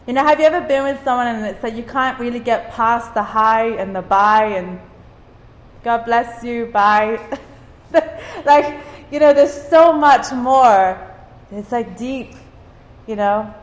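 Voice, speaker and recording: A woman slowly and earnestly encouraging a women's group with a faith talk. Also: a little high, roomy sound, long reverb tail, low-quality recording.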